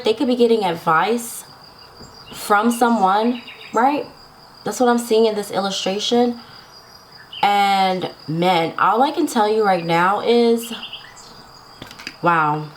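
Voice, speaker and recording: A woman with a medium-pitched voice reads tarot casually for her viewers on a rough recording with slight background noise. Talkative and laughing often, she keeps checking in with "okay?" and "right?".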